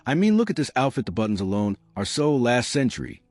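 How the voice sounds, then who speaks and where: A man's voice: mid-range voice, sing-song, quick pace, darkish tone, dry recording, faint music behind, lightly acted. A man voicing a sneering entitled young woman. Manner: sneering, mocking.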